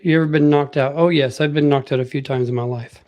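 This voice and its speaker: A man's voice: on the high side, steady tone, quick pace, darkish tone. A man streaming live, casually answering his viewers' chat in easygoing banter while working out. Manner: easygoing, laid-back banter. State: working out between comments. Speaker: livestreamer.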